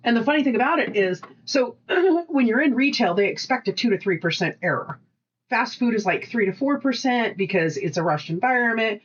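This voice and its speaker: A woman co-hosting a casual podcast, telling animated work stories, acting out voices and swearing freely. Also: fairly high pitch, fairly quick, highs cut off, slight background noise. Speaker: podcast co-host. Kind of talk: casual storytelling chat.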